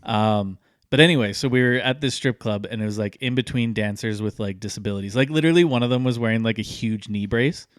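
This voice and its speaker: A man's voice: fairly low pitch, quick pace, no echo, studio quality. A man, co-hosting a podcast and telling a long story in a casual, rambling way full of fillers. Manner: rambling, many fillers, animated when telling stories. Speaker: podcast co-host.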